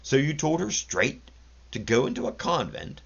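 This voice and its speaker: Guy doing a rowdy mocking raftsman, pushy and loud, muffled lo-fi audio. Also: on the high side, very animated, normal speed, creaky, husky, pitched above the performer's own voice, full character voice. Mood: delighted. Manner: boisterous, jeering, cackling. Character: coarse mocking male raftsman, loud and teasing.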